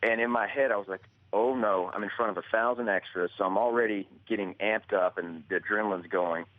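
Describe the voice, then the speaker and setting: A man in his thirties calls in by phone, polite and quick to laugh as he tells his stories. His voice sits a little low. The line is muffled and dry, with no room around it. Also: fairly even intonation, no room sound. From Birmingham, Alabama. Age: 30s. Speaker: phone-in guest, actor. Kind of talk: casual chat.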